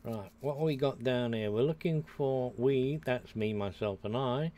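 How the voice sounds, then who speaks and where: An older British man from the United Kingdom streams a game, chatting with viewers and rambling to himself as he plays. His voice is medium-pitched and mellow at a normal speed, with slight background noise behind this casual gameplay commentary.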